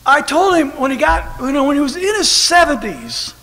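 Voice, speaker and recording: A man preaching a sermon at a church service, telling a story with lively, animated delivery that bursts into shouting. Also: very high voice, moderate pace. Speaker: pastor. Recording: long hall reverb with faint noise.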